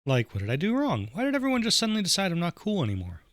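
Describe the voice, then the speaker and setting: Man voicing a teenage girl, hurt, questioning, high-pitched, lively swings. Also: racing, dry recording, clean studio sound, exaggerated voice. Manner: pleading, questioning.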